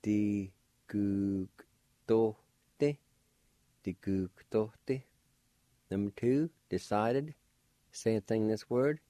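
A man's voice: fairly low pitch, measured pace, mellow, no echo. A man hosting a radio language lesson, patiently spelling out words syllable by syllable and explaining how to pronounce them. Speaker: language teacher and radio host. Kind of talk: slow spelling and pronunciation lesson.

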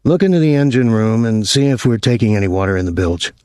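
A man reading an audiobook, voicing a calm, reassuring middle-aged boat owner. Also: fairly low pitch, fast talker, clear, resonant tone, dry recording, clean studio sound, natural voice.

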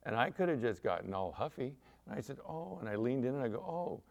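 A middle-aged man, a pastor, preaching a sermon with animated storytelling and acted-out quotes. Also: medium pitch, quick pace.

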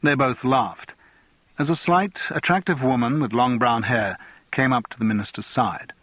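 A man narrating an audiobook in a measured, even storytelling manner. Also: medium pitch, no room sound, muffled recording.

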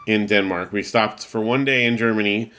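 A man's voice: fairly low pitch, fairly even intonation, moderate pace, a bit bright. Laughing, chatty male podcast co-host. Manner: chatty storyteller, laughs often. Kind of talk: casual chat.

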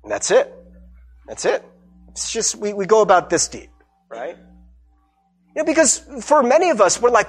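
Male pastor, casual sermon delivery, acts out dialogue; husky voice, very expressive. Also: high-pitched, moderate pace, long pauses, soft background music. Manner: animated, acts out everyday dialogue with repeated "right?". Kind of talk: conversational sermon.

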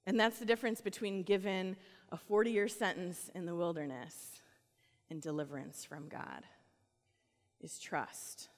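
A woman pastor with a lowish voice preaches a sermon in a large hall at a moderate pace. Her casual, conversational tone rises to animated reading and drops to soft, hushed lines.

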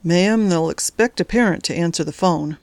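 A woman's voice: fairly low pitch, normal speed, darkish tone, no echo, close to an everyday voice. A woman voicing a polite, deferential male federal agent who keeps saying ma'am.

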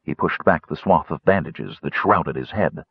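A man narrating a fantasy audiobook with expressive, varied storytelling. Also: a bass voice, moderate pace, slightly rough, no room sound. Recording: dull lo-fi audiobook recording.

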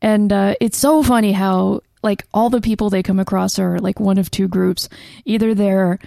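Chatty woman with a gravelly voice. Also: mid-range voice, fairly even intonation, moderate pace, warm tone, dry recording, studio quality. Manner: chatty, laughs often, many fillers. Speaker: podcast co-host. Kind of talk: casual chat.

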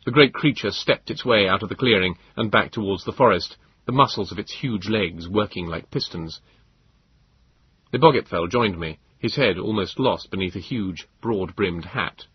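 A man narrating a story in the first person, with expressive, measured storytelling. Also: on the low side, breathy edge, no room sound, muffled recording. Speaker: audiobook narrator.

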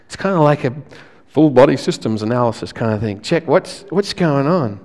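A male pastor, preaching a sermon in a relaxed, conversational way, often restarting his phrases. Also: mid-range voice, normal speed, big-room sound.

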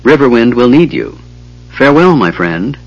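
A man voicing a noble warrior woman who speaks gently but firmly, often in a hushed voice, in a fantasy audiobook. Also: mid-range voice, big pitch swings, normal speed, muffled recording. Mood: resolute.

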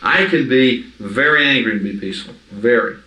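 This medium-pitched voice is expressive, bright, and forceful, at a moderate pace. The man is giving casual Bible teaching to a small group, emphatic and conversational, regularly checking comprehension, heard through a distant mic in a room with echo.

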